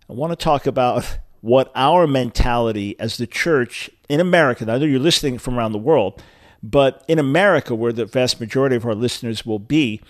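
A man's voice: mid-range voice, no room sound. Male call-in radio host, punchy emphatic delivery, dry close sound. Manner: emphatic, rising to stress key words. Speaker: radio talk show host. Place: remote location.

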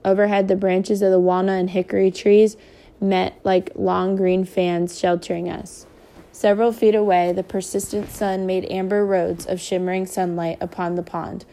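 A woman reading a novel aloud at a calm, measured pace, then explaining the chapter. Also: mid-range voice. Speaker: reader.

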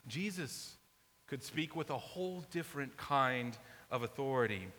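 A man's voice: medium pitch, animated, unhurried, fairly bright tone. A man preaching a sermon in an emphatic, conversational way. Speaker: pastor. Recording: long reverb, faint hiss.

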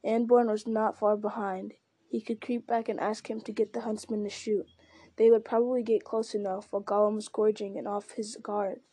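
Warm-voiced woman narrating a story. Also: mid-range voice, level tone, moderate pace, husky, no echo. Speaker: audiobook narrator. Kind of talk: scripted narration.

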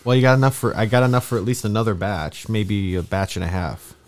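Easygoing low-voiced man chatting. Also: fast talker. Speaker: podcast co-host. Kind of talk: casual chat.

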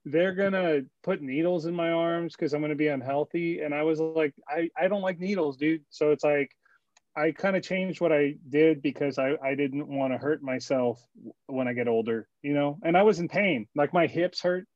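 Casual podcast co-host, man, rambling storyteller, cusses a lot, slightly high voice, dull dry sound. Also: moderate pace, darkish tone, dry recording. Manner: rambling, swears freely, acts out quotes.

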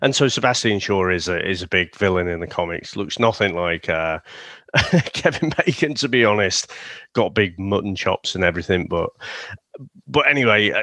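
In a dry recording, a male podcast co-host with a voice on the low side talks at normal speed with lively intonation and a sharp tone. Reviewing a film casually, he rambles over the plot, laughs frequently and puts on silly voices.

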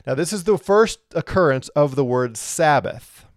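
A man's voice: a little high, animated, moderate pace, no room sound, clean studio sound. Man teaching scripture with rhetorical questions. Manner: explains step by step, asks rhetorical questions. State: has a lingering cough. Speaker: Bible teacher. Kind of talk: verse-by-verse Bible teaching.

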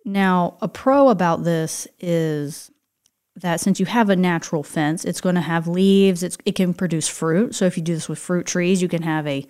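Chatty, explanatory lower-pitched woman. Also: moderate pace, darkish tone. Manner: explanatory, chatty, many affirming yeses. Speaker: podcast co-host. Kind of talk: casual chat.

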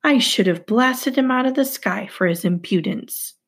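Grumbling king of gods, gravelly and rough-edged, read by a woman narrator. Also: on the high side, lively intonation, moderate pace. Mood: stern. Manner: grumbling, menacing. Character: stern menacing male sky god, king.

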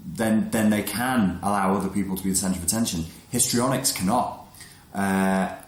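A man talking in a frank, casual monologue, blunt and prone to restarting his sentences, who says he works with adolescents. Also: low voice. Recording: echoey room.

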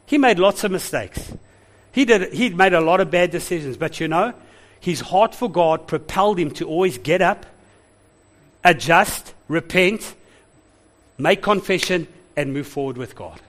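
A man preaching a sermon as pastor, animated, laughing and calling out to the congregation. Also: high-pitched, a little slow.

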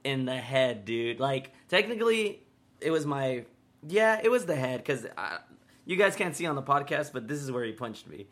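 A man's voice: medium pitch, very animated, normal speed, fairly bright tone. Brief: young male podcast co-host, casual storyteller, loose, swears freely, chuckles through stories. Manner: rambling, laughs often, swears casually.

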